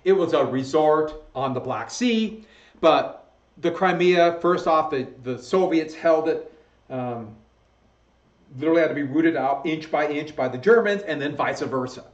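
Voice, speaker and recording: In a recorded slideshow lecture on history, a man talks conversationally, fixing his own slips as they come and chuckling at them. His voice is a little high, expressive, and a little slow, captured in an echoey room with dull lo-fi sound.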